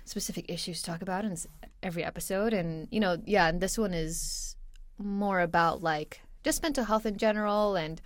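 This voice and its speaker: A woman's voice: on the low side, brisk, a little hiss or hum. A young woman co-hosting a podcast, asking questions and backing up her partner in casual chat. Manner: supportive listener, asks questions, many "mm-hmm"s. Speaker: podcast co-host.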